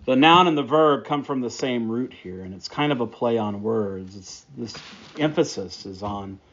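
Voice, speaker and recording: A man's voice: mid-range voice, fairly bright tone, dull audio. A man preaching a sermon, praying and then teaching through a Bible passage with emphatic, repeated phrases. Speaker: pastor.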